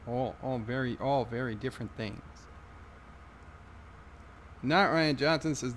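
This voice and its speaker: A man hosting a livestream, reading viewer comments aloud in a halting, wry way. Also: medium pitch, fairly bright tone, slight background noise. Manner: halting, many fillers and restarts, wry. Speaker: livestream host.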